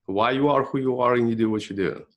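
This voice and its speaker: A man hosting a podcast interview who asks questions in a hesitant way with many pauses and fillers. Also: mid-range voice, muffled recording. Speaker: podcast host.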